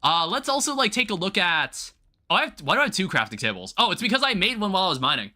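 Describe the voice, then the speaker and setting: A man's voice: high voice, sing-song, sharp tone. A young man chatting casually while playing on a livestream, rambling and swearing freely. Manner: rambling, swearing, quick to laugh. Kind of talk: casual gaming stream chat.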